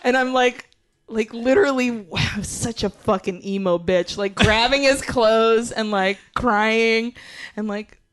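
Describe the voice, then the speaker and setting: A woman telling a comedic personal story as a guest at a live show, animated and profane, laughing as she goes. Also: fairly high pitch, takes it slowly, smooth.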